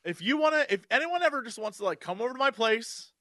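A man co-hosting a podcast, chatting casually in an animated, jokey way. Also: very high-pitched, fast, dry recording. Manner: animated, jokey, slips into silly put-on voices. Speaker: podcast co-host.

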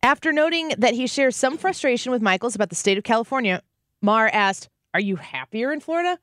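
A woman hosting a talk show, reading news stories aloud and giving animated, opinionated commentary. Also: fairly high pitch, quick pace, no room sound, studio quality. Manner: animated, reads news aloud and acts out quotes. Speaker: radio show host.

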